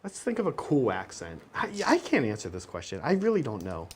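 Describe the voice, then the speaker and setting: A man's voice: fairly low pitch, wildly swooping pitch, brisk, slight background noise. A young adult man co-hosting a casual gaming stream. He talks in a rambling, hesitant, self-conscious way, full of restarts. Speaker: stream co-host and wargame player.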